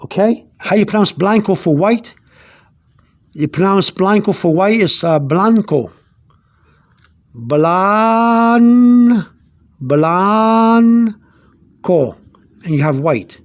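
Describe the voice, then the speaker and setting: A man teaching vocabulary in an unscripted video lesson, halting, repeating himself and filling pauses, slowing down to spell out words. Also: high voice. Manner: searches aloud through his notes. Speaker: language teacher.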